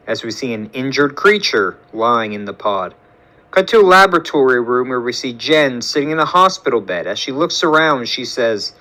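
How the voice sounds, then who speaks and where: A man's voice: medium pitch, lively intonation, normal speed, bright, forceful tone. A man narrating a story script, reading scene directions in a plain storytelling way.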